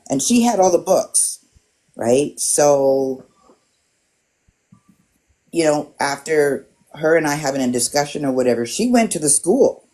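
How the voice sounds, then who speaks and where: A woman's voice: low voice, animated, a little slow, long pauses, dark tone. A woman in her sixties from Alberta, Canada, telling a personal story in casual podcast chat, reflective and full of "you know" fillers. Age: 60s.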